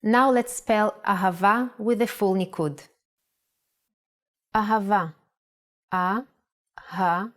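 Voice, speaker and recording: A woman's voice: mid-range voice, fairly bright tone. Teacher woman. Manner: clear, slow spelling-out of sounds. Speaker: Hebrew language teacher. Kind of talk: scripted lesson narration.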